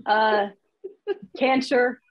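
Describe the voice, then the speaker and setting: A woman's voice: fairly high pitch, steady tone, very slow, muffled recording. A woman teaching comedy writing in a casual online workshop, chatty and laughing at her own examples, heard over a video call.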